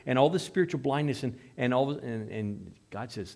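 A man preaching a sermon in a church, with sweeping swings from hushed, low passages to loud, emphatic ones. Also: animated, brisk, few pauses. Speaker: pastor.

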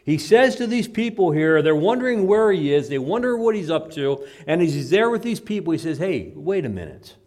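A man preaching a sermon as pastor, swinging between loud emphatic lines and low, quiet asides. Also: lively intonation, a little fast, hardly any pauses.

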